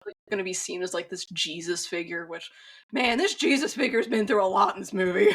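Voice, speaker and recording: A woman's voice: medium pitch, brisk, fairly bright tone, breathy edge. A woman co-hosting a podcast, recapping a film in a rambling, casual way with many fillers and frank swearing. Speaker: podcast co-host.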